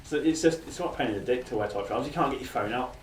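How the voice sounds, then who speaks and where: Fast-talking man, roomy distant sound. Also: medium pitch, a little hiss or hum. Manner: fast, chatty, self-mocking anecdotes. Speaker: podcast host. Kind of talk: casual storytelling chat.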